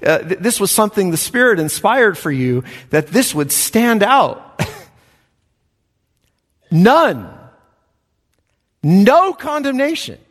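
A man, a pastor, preaching an emphatic expository sermon with soft chuckles. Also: sits high, sing-song, slow, long pauses. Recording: reverberant hall.

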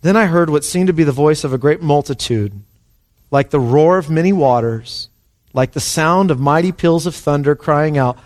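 A man preaching a sermon with passion, his delivery dropping to hushed and rising to soaring. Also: a little high, normal speed. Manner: impassioned, swings between hushed and soaring. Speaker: pastor.

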